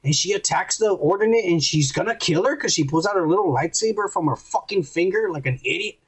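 A man's voice: high-pitched, animated, a little fast, husky. A man hosting a podcast, retelling a TV episode in a profane, rambling way with lots of acted-out quotes. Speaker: podcast host. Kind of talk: casual recap of a TV episode.

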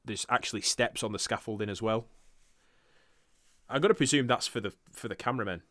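Low-leaning and a bit bright, this man's voice moves briskly, recorded cleanly in a studio with no echo. As a podcast host going over wrestling results in casual chat, he swears freely and laughs often.

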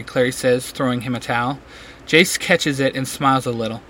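A man reading a fan fiction story aloud in a plain, steady way with small slips. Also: medium pitch, moderate pace. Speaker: reader.

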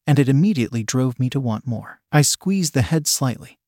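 A man's voice: mid-range voice, lively intonation, fairly quick, mellow, dry recording. Man reading a story, dry sound. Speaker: story reader. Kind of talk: scripted narration.

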